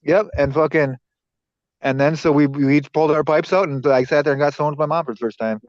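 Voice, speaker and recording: Young male co-host, loose profane storyteller, dry low-fi podcast mic. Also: steady tone, fast talker, no room sound. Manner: rambling storyteller, swears a lot. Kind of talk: casual chat. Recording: dull dry lo-fi sound.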